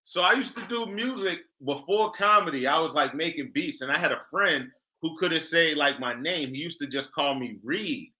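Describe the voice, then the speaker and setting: Brash comedian man with a bright voice. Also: on the high side, normal speed, hardly any pauses. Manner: brash, profane storyteller. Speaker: comedian co-host. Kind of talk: casual comedic banter.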